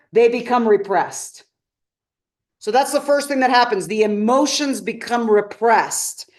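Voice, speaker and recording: Female seminar coach, higher voice, emphatic, engages the room with questions. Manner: emphatic, asks the audience questions. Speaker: transformational coach. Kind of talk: live seminar teaching.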